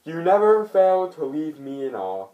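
A man's voice: on the high side, big pitch swings, a little slow, distant mic, narrow, tinny audio, voice pushed up. A man doing a fawning whiny foreign leader. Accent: put-on Russian. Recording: roomy echoing room.

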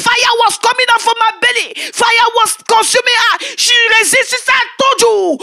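Woman evangelist, fervent testimony preaching, very high bright voice, shouted prayers. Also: expressive, moderate pace, creaky, few pauses, no room sound, studio quality.

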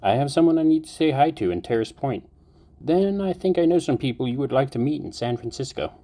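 A man's voice: mid-range voice, lively intonation, brisk, dark tone, voice pushed up. Brief: cocky young male fighter, flippant quips, narrator's put-on voice. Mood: casual. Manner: flippant wisecracks.

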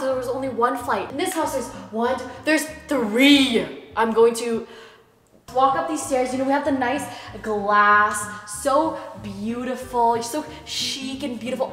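A teenage woman, chatting excitedly and casually on a house-tour vlog, with lots of "like" as she walks around. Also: on the high side. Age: teens. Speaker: vlogger. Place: large empty house, indoors. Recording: echoey empty rooms, background noise.

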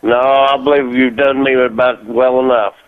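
A man's voice: mid-range voice, steady tone, moderate pace, clear, resonant tone, dry recording. An older man calling in, plain-spoken and polite. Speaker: caller. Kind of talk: phone call chat. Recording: tinny phone line.

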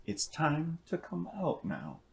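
A man voicing a brisk, kindly woman librarian in a picture-book reading, chatty and quick. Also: on the high side, wildly swooping pitch, vocal fry, soft background music, voice pushed up, heavily acted.

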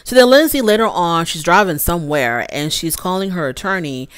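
A woman with a fairly low voice recaps reality TV episodes in a casual, chatty way. She talks straight to her viewers as y'all. Her voice sounds close and dry, with no room echo. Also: animated, brisk, clear, resonant tone. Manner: chatty, addresses viewers as y'all, acts out quotes.

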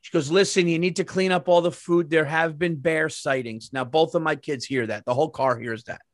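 A man's voice: fairly high pitch, steady tone, brisk, dry recording, clean studio sound. A man hosting a podcast, telling a comedic story with profanity and acted-out quotes. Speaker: podcast host.

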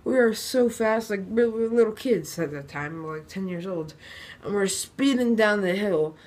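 A teenage boy from New Jersey telling a story in a casual vlog, rambling and excitable with lots of fillers and restarts. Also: sits high, normal speed. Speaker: vlogger.

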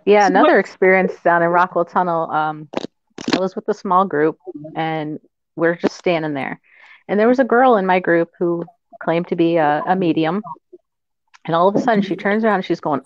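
Low-voiced woman telling tunnel stories. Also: moderate pace, no room sound, lo-fi sound. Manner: relaxed storyteller who acts out dialogue. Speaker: guest. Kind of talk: casual chat.

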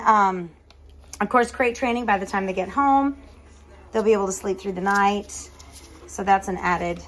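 Chatty breeder woman, slightly high voice. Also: poor audio. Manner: chatty, coos in a higher voice to the puppies. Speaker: dog breeder. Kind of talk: casual chat to camera.

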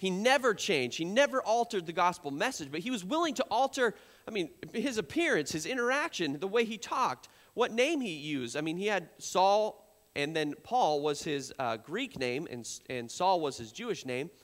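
A man preaching from a church platform, his voice sitting a bit high for a man. He builds his points in emphatic repetitions and mimics the accusers in a sharper tone. The sound carries a long hall reverb. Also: normal speed. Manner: animated preaching, acts out accusers in a raised voice. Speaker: pastor. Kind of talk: sermon. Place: church sanctuary.

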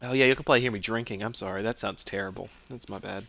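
A man's voice: fairly low pitch, rapid-fire, vocal fry. A man streaming a horror game live. He is jumpy and nervous and makes fun of himself as he plays. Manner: jumpy, nervous, self-mocking. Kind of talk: live gameplay commentary. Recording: voice over loud game music.

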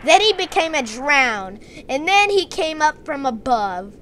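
A woman narrating a gameplay story with excitement, acting out her characters. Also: high-pitched, a little slow, hardly any pauses, slight background noise. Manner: excited storytelling, doing dramatic voices for the characters. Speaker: game narrator.

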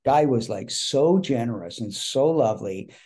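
A man hosting a casual chat, telling a lively backstage anecdote with frequent restarts and bits of acted-out dialogue. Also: mid-range voice, moderate pace. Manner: animated storytelling with frequent restarts and quoted dialogue. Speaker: host and actor.

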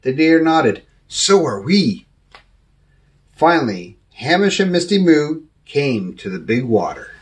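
A man reading a children's story aloud with animated narration. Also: fairly high pitch, unhurried, hardly any pauses.

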